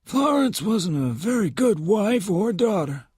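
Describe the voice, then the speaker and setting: A man voicing a sad, bitter old father in an audiobook, speaking in an insistent, husky voice. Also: high voice, very animated, a little slow, darkish tone, no room sound, clean studio sound, voice pushed up, heavily acted. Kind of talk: audiobook character voice.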